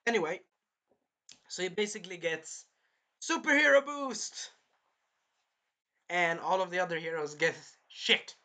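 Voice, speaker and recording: A man's voice: sits high, animated, a little slow, long pauses, pushed and bright. A man giving a casual, rambling, jokey recap of an anime episode as a reviewer.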